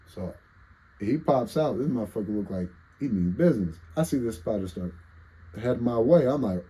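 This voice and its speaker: A man's voice: mid-range voice, big pitch swings, normal speed, dark tone, breathy edge, rough recording. A congested man with a nasal voice, telling a rambling, profane story in a casual monologue. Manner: rambling, profane, self-interrupting. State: congested with allergies. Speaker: vlogger telling stories.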